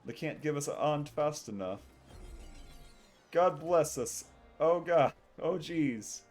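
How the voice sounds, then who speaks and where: A man's voice: on the high side, animated, slow pace, soft background music. A man putting on a hammy British accent. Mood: jovial. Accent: put-on British. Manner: hammy, playful, laughs often. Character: exaggerated tipsy British bloke, jolly. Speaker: streamer. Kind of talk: live game stream banter.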